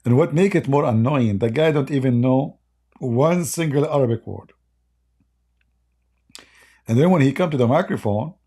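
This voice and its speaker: Male stream host, dark gravelly tone, mocking and rambling, voice going. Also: mid-range voice. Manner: mocking, rambling, laughs often. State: losing his voice. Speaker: live-stream debate host. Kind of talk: casual live-stream chat.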